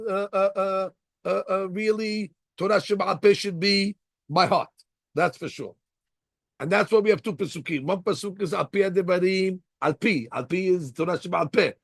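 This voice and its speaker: A man, a rabbi, giving an animated Torah class, acting out little scenes as he explains the law. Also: high voice, vocal fry, no room sound. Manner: acts out little scenes, lively and conversational.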